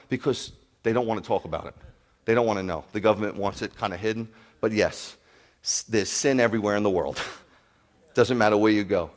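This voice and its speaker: A man preaching to his congregation, animated, telling stories and asking the crowd questions. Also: lowish voice, quick pace. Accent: New York. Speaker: pastor. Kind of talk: sermon to a congregation.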